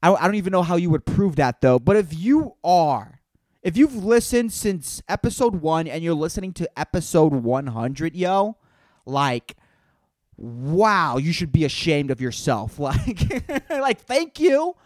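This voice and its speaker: A slightly tipsy man rambles through a solo podcast, hopping between subjects and swearing as he goes. His voice sits a touch high for a man, and the sound is close and dry with no room echo. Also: very animated, a little slow, darkish tone. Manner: profane, slangy, jumps between topics, says "dude" constantly. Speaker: podcast host. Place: in front of a green screen.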